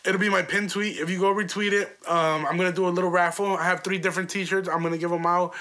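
Young guy podcasting, bright voice kinda high, cursing and laughing thru his stories. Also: little pitch movement, fast. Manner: loose, profane, laughs through the story. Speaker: podcast host. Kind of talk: casual storytelling monologue.

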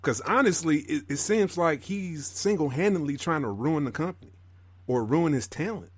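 A man's voice: fairly high pitch, animated, normal speed, no echo. A man co-hosting a podcast, chiming in casually with short remarks and corrections. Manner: chimes in with short agreements and corrections. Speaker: podcast co-host. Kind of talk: casual chat.

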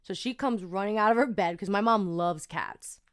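A young woman hosting a podcast tells a personal story as a casual monologue, chatty and animated with plenty of fillers. Her mid-range voice moves at a normal speed.

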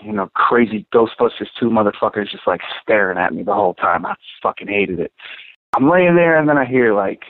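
A man co-hosting a podcast, telling a story in a casual, profane and animated way. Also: mid-range voice, brisk, creaky, no room sound. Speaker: podcast co-host. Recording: tinny phone-like dry sound.

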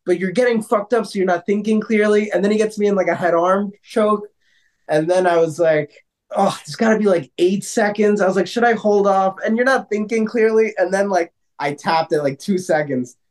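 A man co-hosting a casual podcast, telling stories in an animated way with lots of fillers and some swearing. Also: high voice, fairly quick. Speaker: podcast co-host. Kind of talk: casual chat.

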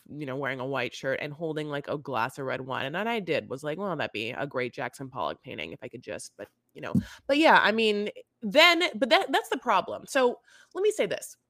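A woman co-hosting a podcast in casual chat, rambling through an animated retelling full of fillers. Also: medium pitch, dry recording, clean studio sound. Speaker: podcast co-host. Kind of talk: casual chat recapping a reality show.

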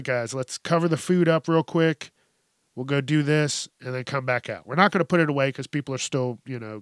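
A man's voice: medium pitch, no room sound, clean studio sound. Blunt, profane man ranting casually. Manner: blunt, profane, animated storytelling. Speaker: host. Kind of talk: casual opinionated commentary.

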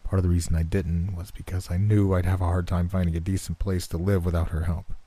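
Man, horror story narrator, dark mellow tone, dry close sound, measured delivery. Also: sits low, flat delivery, no echo.

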